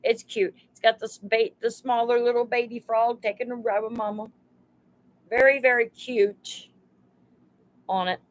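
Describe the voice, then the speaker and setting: A woman's voice: on the high side, steady tone, moderate pace, poor audio. A woman hosting a live sale stream, chatting homily and greeting viewers by name as she prices items. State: overheated.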